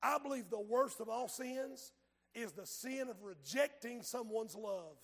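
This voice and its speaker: A man preaching a fervent, dramatic sermon that swings between hushed and shouted lines. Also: very high-pitched, expressive, unhurried, gravelly, breathy edge.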